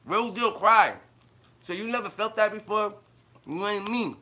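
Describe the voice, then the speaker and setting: A man's voice: sits high, unhurried, bright, forceful tone. A man ranting and telling blunt, profane stories in slang on a casual live stream, laughing often as he talks. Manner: laughs often while talking. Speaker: livestreamer.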